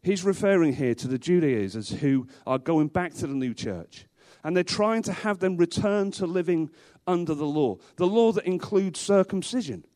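High-voiced man preaching emphatically. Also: lively intonation, normal speed, dark tone. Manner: emphatic, repeats rhetorical questions. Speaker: pastor. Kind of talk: sermon. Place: church, before a congregation.

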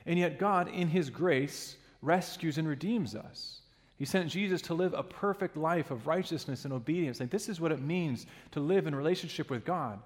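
A man's voice: a little high, normal speed, long reverb tail. A man preaching a sermon in a church, earnest and emphatic, sometimes restarting a phrase.

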